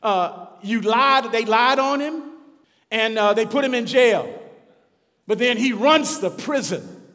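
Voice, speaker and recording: A man preaching a sermon as pastor, building up to shouted repeated lines and calling on the congregation to answer back. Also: very high voice, animated, slow pace, long reverb tail. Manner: call-and-response preaching, rising to shouts and repeating phrases. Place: church.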